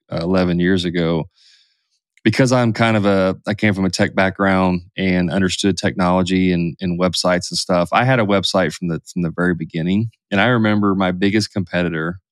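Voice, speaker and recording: A man's voice: low-pitched, no room sound, clean studio sound. A man co-hosting a podcast, talking casually with many fillers. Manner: conversational, many fillers like "you know" and "like". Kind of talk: casual chat.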